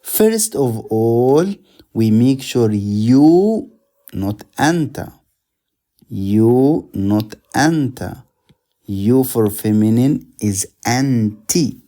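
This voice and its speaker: Slow, mellow-voiced male teacher. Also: mid-range voice, lively intonation. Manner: patient, repeats words slowly for drilling. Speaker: Arabic teacher. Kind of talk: slow explanatory language lesson.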